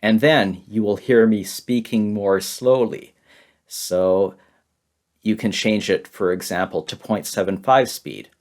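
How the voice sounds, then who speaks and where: Low-voiced man teaching beginners slowly. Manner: simple words, heavy repetition, light laughs. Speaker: English teacher. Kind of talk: slow, repetitive beginner lesson.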